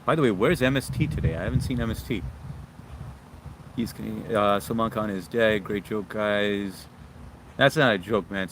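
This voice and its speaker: A man's voice: lowish voice, fairly bright tone, slight background noise. Laid-back man hosting a live stream outdoors. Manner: laid-back, chatty, reads viewer comments aloud. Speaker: live stream host reading chat. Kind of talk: casual live stream chat. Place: outdoors near a yard with brush.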